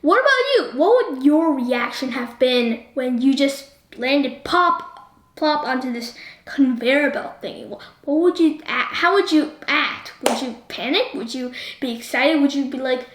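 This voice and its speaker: A woman reviewing a movie in a chatty, animated way, constantly asking the viewer what they think. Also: sits high, measured pace. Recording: roomy echo.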